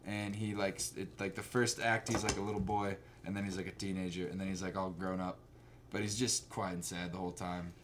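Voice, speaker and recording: A man's voice: sits low, little pitch movement, brisk, slight background noise. A young man chatting casually and jokingly about films, acting out scenes and laughing. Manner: jokey, acts out scenes in mock voices, laughs a lot. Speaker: co-host. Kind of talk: casual comedic movie chat.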